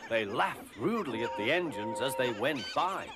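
A man with a British accent narrating a children's train story in an expressive storytelling manner. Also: mid-range voice, moderate pace, heavy background noise. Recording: music playing behind.

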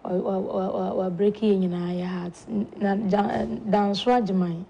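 A Ghanaian woman hosting a talk show, slowly and softly reading out viewer condolence messages in a studio. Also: mid-range voice, steady tone, gravelly, lo-fi sound, a little hiss or hum. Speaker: show host. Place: broadcast studio.

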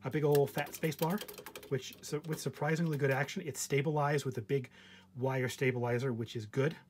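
A man's voice: medium pitch, steady tone, normal speed, a little mellow, a little hiss or hum. A man casually presenting a vintage terminal on camera, full of joking asides and fillers, sometimes moving away from the mic. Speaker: vintage computer hobbyist host. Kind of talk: casual show-and-tell vlog.

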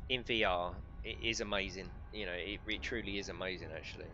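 A man's voice: sits low, fairly even intonation, fairly quick, pushed and bright, dull audio, soft background music. A middle-aged man casually commentating a live game stream, chatting and joking with his viewers. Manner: jokey, chatty, reads out chat and laughs often.

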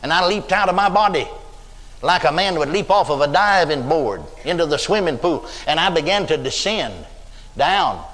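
Older male preacher, higher pitch, folksy storyteller, reverberant hall. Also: animated, moderate pace, fairly bright tone. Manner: folksy storytelling, acts out quoted voices. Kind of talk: sermon.

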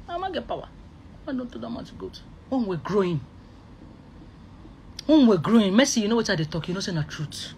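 A speaker with a Nigerian accent delivering an emotional online rant, repeating oaths and phrases and swinging between loud outbursts and low murmurs. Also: a little hiss or hum.

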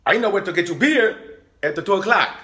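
A man's voice: high voice, expressive, fairly quick, bright, forceful tone, voice pushed up. A man putting on the voice of a pushy, greedy taxi driver, in a raised and demanding tone. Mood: wheedling. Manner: demanding, blunt.

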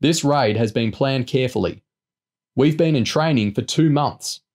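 A man's voice: medium pitch, normal speed, voice pushed up, natural voice. A man voicing a smug male commando leader who talks down patronizingly and sourly, in an audiobook reading. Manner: patronizing, sour, shouting over the line.

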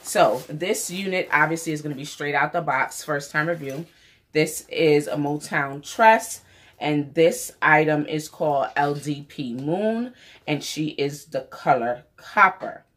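A woman's voice: low-pitched, measured pace. Chatty New woman vlogger. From New York. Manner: enthusiastic, chatty, repeats phrases for emphasis. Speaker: beauty vlogger. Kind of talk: casual wig review vlog.

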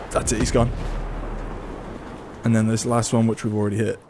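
A man's voice: lowish voice, flat delivery, moderate pace, long pauses, noisy background. A man giving casual let's-play commentary, muttering to himself and breaking into frustrated outbursts. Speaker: gaming YouTuber. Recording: game gunfire and explosions behind voice. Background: game gunfire and explosions.

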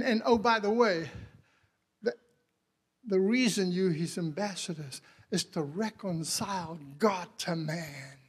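A man preaching a sermon as a missionary. He talks to the congregation and calls out to them, moves from quiet lines to loud cries, and laughs often. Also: high-pitched.

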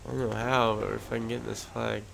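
A man commentating his own online shooter match, swearing constantly and quick to rage. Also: lowish voice, flat delivery, creaky. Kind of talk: casual gameplay commentary. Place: at home in front of a big TV. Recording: loud game gunfire and vehicle noise behind.

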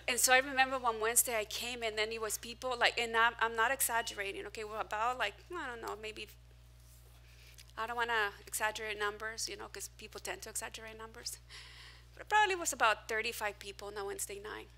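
This woman pastor talks fast as she preaches to a small evening crowd in a church hall. Her high, bright voice comes across sharp and forward, and her animated, self-mocking delivery jumps from loud bursts to quiet asides.

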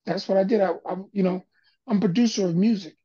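A man's voice: high-pitched, quick pace, husky, muffled recording. An older man, a music producer and guest, telling stories in a casual interview and acting out other people's voices as he goes. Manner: animated storyteller, acts out quoted voices.

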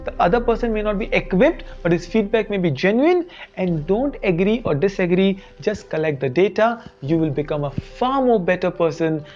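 A man's voice: sits high, lively intonation, moderate pace, few pauses, a little mellow. A man hosting a motivational teaching talk about feedback. He speaks expressively and repeats his key points. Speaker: host and teacher trainer. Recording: dull lo-fi recording with faint music.

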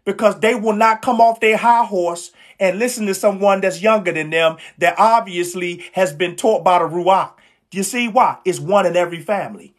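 A woman's voice: medium pitch, moderate pace. A woman preaching a live sermon, fervent and emphatic, repeating lines and calling out to her listeners in casual, slangy speech. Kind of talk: live-streamed street-style sermon.

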